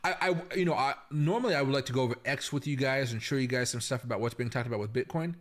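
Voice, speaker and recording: A man's voice: mid-range voice, quick pace. A man hosting a casual crypto livestream from home, chatty and rambling, talking straight to his viewers.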